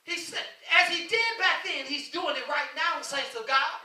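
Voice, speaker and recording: A man's voice: very high voice, expressive, normal speed, few pauses, pushed and bright. A male pastor preaching a fervent sermon, repeating his calls with passion, recorded from a distance in an echoing church. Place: church sanctuary.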